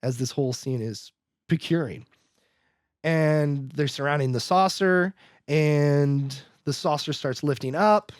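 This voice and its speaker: Recorded at studio quality without room sound, this podcast host speaks unhurriedly in a fairly high pitch, loosely summarizing a film with plenty of "like" and quotes he acts out.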